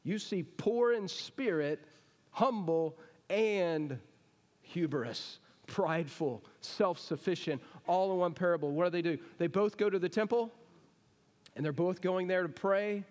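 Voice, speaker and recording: In a church sanctuary with the long reverb of the hall, a pastor delivers a sermon in a voice a touch high for a man. He's unhurried and a little mellow, keeping it conversational and repeatedly asking the congregation questions.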